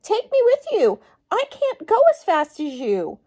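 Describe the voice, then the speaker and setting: Woman doing a small pleading storybook frog, squeaky and high, slow and wide-ranging. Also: very animated, gravelly, darkish tone, breathy edge, heavily acted. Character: small ugly male frog, pleading and eager.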